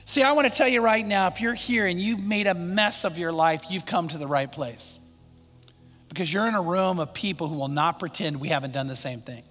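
High-voiced fervent preacher man, echoing hall. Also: bright, forceful tone. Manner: fervent, repetitive preaching cadence. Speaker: pastor. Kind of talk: sermon. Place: large church hall. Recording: long reverb of a large hall.

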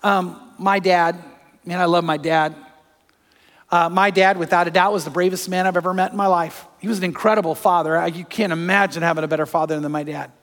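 A pastor preaching a sermon, telling personal stories that move from hushed to fervent. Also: male voice, high-pitched, steady tone, brisk, in a large hall.

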